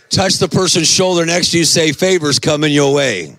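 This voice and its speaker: A middle-aged man preaching with a high, bright, forceful voice and a gravelly edge. He tells stories with animation and shouts at the peaks, and the sound is dry and close. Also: normal speed, few pauses, dry recording. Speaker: pastor. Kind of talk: sermon.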